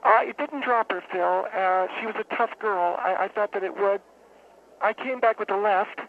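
A man playing a rambling, deadpan woman football fan phoning in to a comic radio bit. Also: high-pitched, pitched above the performer's own voice, natural voice. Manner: rambling, deadpan, halting with fillers. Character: woman caller, brawling football fan, middle-aged. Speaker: caller. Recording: tinny phone line, faint hiss.

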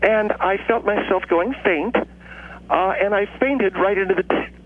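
A man voicing a boastful, combative woman who calls in, telling her story in a drawn-out way over a tinny phone line. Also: high voice, a little hiss or hum. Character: brash Southern woman caller, boastful and combative. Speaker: caller.

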